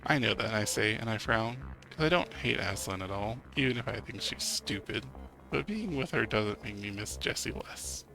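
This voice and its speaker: Lively man with a gravelly voice. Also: lowish voice, moderate pace, faint music behind. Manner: swears and laughs while reacting. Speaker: streamer playing a narrative game. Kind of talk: reading game text aloud with casual commentary.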